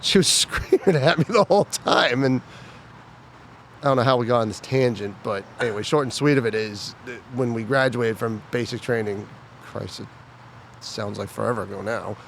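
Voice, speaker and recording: Man telling stories, mimicking drill shouts. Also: medium pitch, moderate pace, creaky, a little hiss or hum. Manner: animated storyteller, mimics shouting drill instructor. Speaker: podcast co-host. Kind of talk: casual chat.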